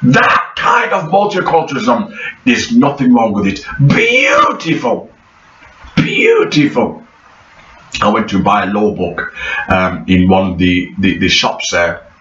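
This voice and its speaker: A man's voice: fairly low pitch, expressive, moderate pace, fairly bright tone, roomy sound, highs cut off, a little hiss or hum. A man giving an opinionated vlog commentary, talking emphatically and repeating his points, with theatrical outbursts. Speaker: vlogger.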